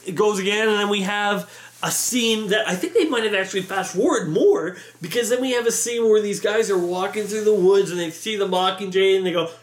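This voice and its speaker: A man vlogger telling an animated, exasperated story, acting out a crowd yelling. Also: high-pitched, a little fast. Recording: echoey room.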